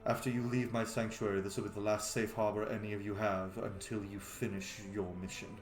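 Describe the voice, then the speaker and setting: A man voicing an eloquent, refined male dragon god who speaks in a solemn, measured way. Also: on the low side, flat delivery, soft background music, pitched below the performer's own voice, close to an everyday voice. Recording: roomy echo.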